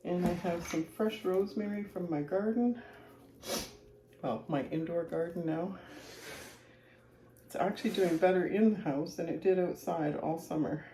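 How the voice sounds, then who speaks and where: A woman's voice: on the low side, unhurried, pauses often, dark tone, reverberant, a little hiss or hum. A woman casually chatting while she cooks at home, rambling and thinking aloud, a little out of breath. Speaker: home cooking vlogger. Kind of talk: casual kitchen chat. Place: home kitchen.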